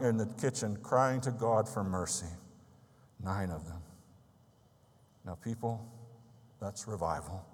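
A man's voice: mid-range voice, darkish tone, in a large hall. A man preaching a sermon, telling a story in an earnest, emphatic way.

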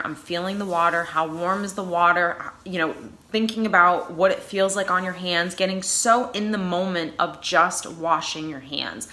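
A woman's voice: on the low side, sharp tone. A woman with a New England accent giving casual, earnest advice in a conversational way, with frequent fillers. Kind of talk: casual advice talk on anxiety.

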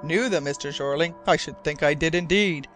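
A vain former corporal now governing an island, chatty and eager to show what he knows, read by a man. The voice sits a little high, with soft music faint beneath. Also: normal speed, lightly acted. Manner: chatty, boastful, eager to reminisce.

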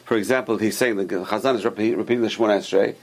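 A man's voice: on the low side, steady tone, racing. A man teaching an informal Torah class, explaining Hebrew sources and giving emphatic warnings.

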